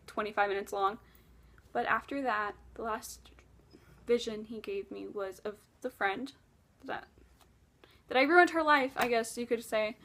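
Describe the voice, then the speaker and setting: A woman tells a painful personal story straight to camera, earnest and emotional. Her voice sits a little higher than average. She swings between loud outbursts and hushed, almost whispered moments. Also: a little slow. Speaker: vlogger. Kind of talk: confessional storytelling vlog.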